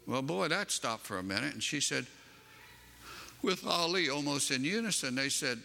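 A man's voice: mid-range voice, lively intonation, moderate pace, creaky, pushed and bright, long reverb tail. A man from Western North Carolina with a Southern accent, preaching a sermon and telling a personal story with emphatic, rising delivery.

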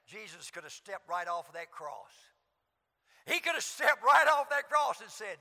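A man preaching a sermon in an auditorium, impassioned, swinging from hushed lines to shouts. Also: sits high, big pitch swings, normal speed. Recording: long hall reverb.

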